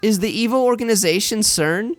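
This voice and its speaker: A bold young woman from a visual novel, blunt and a little teasing, put on by a man reading her lines. The voice is raised well above his normal pitch. It is recorded dry and close, with faint music behind. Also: a little fast, no echo, natural voice. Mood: curious. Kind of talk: reading game dialogue aloud.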